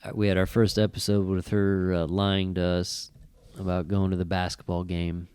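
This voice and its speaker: Profane, animated man telling a story. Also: low-pitched, normal speed, smooth, dry recording. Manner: animated storyteller, swears a lot, acts out quotes. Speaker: podcast co-host. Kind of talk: casual chat.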